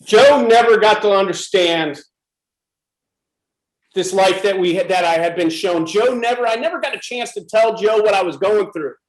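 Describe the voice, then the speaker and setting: A middle-aged man from the USA gives a frank, emphatic personal testimony. His voice sits high for a man. The recording carries a noticeable room echo. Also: normal speed. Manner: intense, emphatic storytelling. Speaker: speaker at a club presentation.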